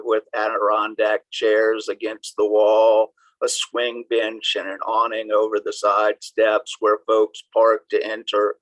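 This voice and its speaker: A man reads his poem slowly and deliberately, with a bright, forward tone. He is heard over a video call from home, and the sound is dry and close. He talks with a moderately low voice. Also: no echo, poor audio. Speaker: open mic poet. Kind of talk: poetry reading.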